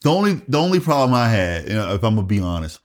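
Animated Southern man telling army stories. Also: lowish voice, rapid-fire. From South Carolina, USA. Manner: animated, profane, acts out quotes in raised voice. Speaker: guest, retired Air Force master sergeant. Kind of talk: casual storytelling interview.

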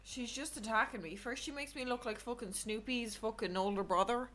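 A woman streamer chatting with friends on stream, teasing and animated, with loud outbursts. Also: a little high, fairly quick. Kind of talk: casual group chat on stream. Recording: noisy background.

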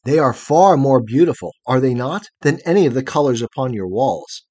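A man reading aloud and voicing an innocent, curious young girl who grew up in darkness, speaking gently and earnestly in a husky voice. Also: mid-range voice, animated, normal speed. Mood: gentle, wondering.

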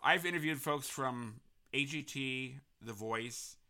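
A man's voice: medium pitch, slow pace, background noise. A man hosting an interview podcast in a casual, rambling way, full of restarts and fillers. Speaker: podcast host.

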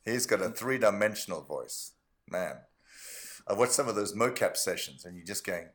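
A male voice actor as a podcast guest, chatting casually and telling stories with animated delivery. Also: lowish voice, moderate pace. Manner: animated storyteller, acting out quotes.

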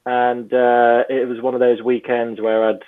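A man's voice: mid-range voice, completely flat delivery, a little slow. A man speaking as a podcast guest, thoughtful and hedging, often saying "kind of" and "you know". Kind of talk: reflective conversation. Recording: phone-like remote line.

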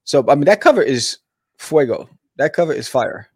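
A man's voice: medium pitch, sing-song, moderate pace, slightly rough, dry recording, clean studio sound. A man co-hosting a casual chat, laid-back with slang and lots of fillers. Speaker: podcast co-host, comic artist.

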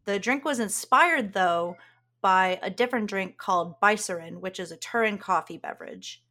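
A woman's voice: medium pitch, normal speed, sharp tone. A woman co-hosting a podcast, explaining things in casual chat and laughing often. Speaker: podcast co-host.

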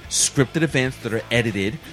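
A man's voice: medium pitch, moderate pace, fairly bright tone, faint music behind. A man in casual podcast chat, opinionated and swearing, often laughing as he talks. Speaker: podcast co-host reviewing wrestling.

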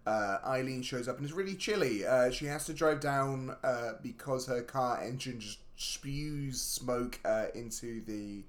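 A man's voice: mid-range voice, a little slow, few pauses. A man co-hosting a podcast, recapping a film plot in casual chat with wry jokes. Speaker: podcast co-host.

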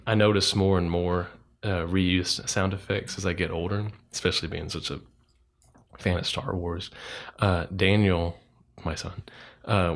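A man co-hosting a casual chat, telling stories with animated quoted asides. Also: low voice. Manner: animated storytelling, acts out quotes. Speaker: podcast co-host.

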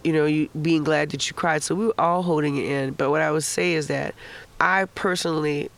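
A man's voice: fairly high pitch, steady tone, a little fast, vocal fry, a bit bright. A man casually telling a candid, profane personal story about grief, acting out the voices of the people in it. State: emotional, recalling grief. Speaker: guest sharing a personal story. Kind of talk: casual conversation.

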